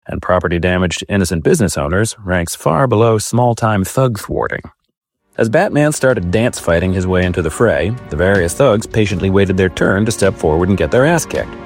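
A man giving a deadpan comic narration with a dry, wry delivery and mock-formal wording. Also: sits low.

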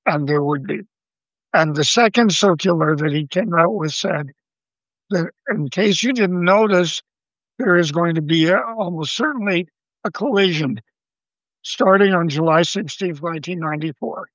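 An older man, a guest astronomer, telling a story in an interview in a measured, vivid way and quoting the people involved. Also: sits high, fairly bright tone, no echo. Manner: measured, vivid storyteller who quotes others. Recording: dull lo-fi dry sound.

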